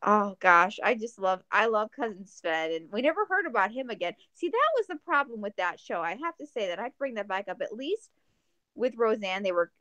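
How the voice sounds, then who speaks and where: A woman co-hosting a podcast in casual chat, joking and rambling through plans in an animated way. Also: medium pitch, a little fast, dry recording, highs cut off. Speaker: podcast co-host.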